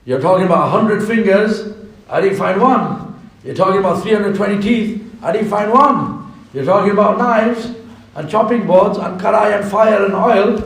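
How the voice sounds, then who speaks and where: A man's voice: high voice, moderate pace, creaky, voice pushed up. A man putting on a brash young fish. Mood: scornful. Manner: slangy, mocking, defiant. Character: cheeky young male fish, brash and dismissive. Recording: echoey mosque hall from far off.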